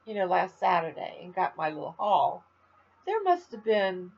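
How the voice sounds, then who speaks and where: Tired, husky older woman chatting. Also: on the low side, very animated, moderate pace, dull audio. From Florida. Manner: rambling, chatty, trails off with fillers. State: tired, a bit stuffy. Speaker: crafting vlogger. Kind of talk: rambling casual chat to viewers.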